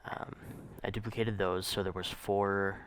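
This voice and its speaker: A man casually narrating a gameplay walkthrough in a relaxed, explanatory way, with frequent ums and uhs. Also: sits low, a little slow, slight background noise.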